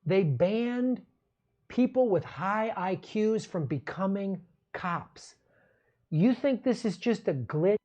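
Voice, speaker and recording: A man's voice: high-pitched, animated, slow, a little mellow, dull audio. A man hosting a political commentary show, ranting in an angry, sarcastic and profane way.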